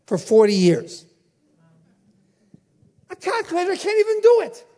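A man preaching a sermon, firing off rhetorical questions and swinging between loud exclamations and quiet asides. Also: extremely high pitch. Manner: rapid-fire rhetorical questions.

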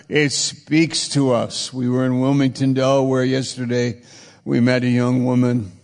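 A man's voice: mid-range voice, in a large hall. A man preaching a sermon, with repetitive, emphatic phrasing.

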